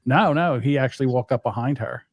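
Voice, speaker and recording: A man's voice: mid-range voice, brisk, dry recording. A man hosting a podcast, ranting and mocking with profanity in casual banter. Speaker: podcast host.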